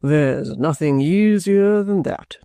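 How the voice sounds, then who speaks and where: A man's voice: fairly high pitch, vocal fry, warm tone, clear, resonant tone, dry recording, studio quality, voice pushed up. A man voicing a pompous theatrical actor who drawls his words grandly. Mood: showy. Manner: slow, drawn-out, grandly theatrical.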